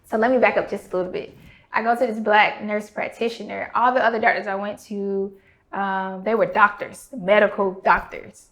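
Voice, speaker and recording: A woman's voice: mid-range voice, normal speed. Woman telling a personal story. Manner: animated, acts out quoted dialogue. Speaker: podcast host sharing her story. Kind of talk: candid conversational storytelling.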